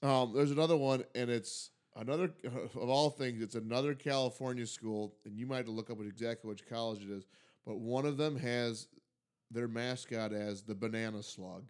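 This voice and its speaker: A man's voice: medium pitch, darkish tone. A man co-hosting a podcast from Michigan, rambling and joking in casual chat with many fillers. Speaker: podcast co-host.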